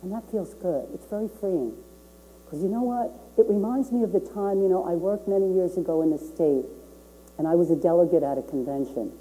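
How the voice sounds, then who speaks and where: A woman's voice: on the low side, brisk, warm tone, rough recording. An older woman minister giving a sermon, earnest and repeating key phrases for emphasis.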